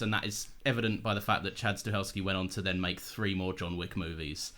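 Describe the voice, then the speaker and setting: A man's voice: lowish voice, level tone, a little fast, hardly any pauses, pushed and bright. A man co-hosting a podcast, chatting casually and explaining background details at length. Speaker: podcast co-host. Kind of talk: casual chat.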